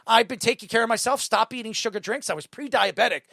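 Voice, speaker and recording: A man hosting a casual podcast interview, rambling and animated, repeating himself and mimicking accents. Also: very high voice, quick pace, gravelly, dry recording, clean studio sound. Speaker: show host.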